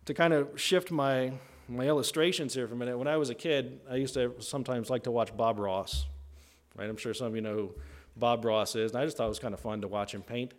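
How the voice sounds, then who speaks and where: This sermon comes in a fairly quick voice with fairly even intonation, though the man acts out quoted voices with big pitch jumps. He preaches conversationally in a teaching tone, frequently checking in with "right?"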